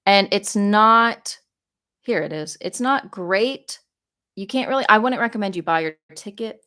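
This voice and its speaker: A woman's voice: medium pitch, bright, forceful tone, smooth. A young woman hosting a casual live Q&A from her phone, gushing with thanks and rambling as she answers questions. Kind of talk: casual livestream chat. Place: home, living in South Korea.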